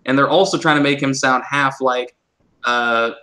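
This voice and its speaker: Man, podcast guest, bright voice, laughs a lot, casual chat. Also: medium pitch, fairly even intonation, moderate pace. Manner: laughs often, tries out accents.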